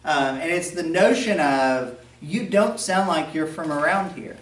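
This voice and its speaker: A man's voice: on the high side, animated, unhurried, echoey room, recorded from a distance, slight background noise. A man with a faint Southern American accent, preaching a sermon as pastor in a conversational way, with joking asides and acted-out quotes. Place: church sanctuary.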